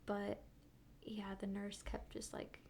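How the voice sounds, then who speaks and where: Woman guest telling a story, chatty, kinda gravelly, whispers bits. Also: medium pitch, slow pace. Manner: animated retelling, drops into whispers. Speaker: podcast guest, midwifery student. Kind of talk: casual storytelling.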